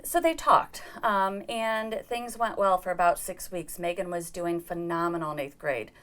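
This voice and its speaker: Earnest middle-aged woman, low voice. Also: normal speed, a bit bright. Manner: earnest storytelling, acting out quoted dialogue. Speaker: interview guest. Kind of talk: personal account in an interview.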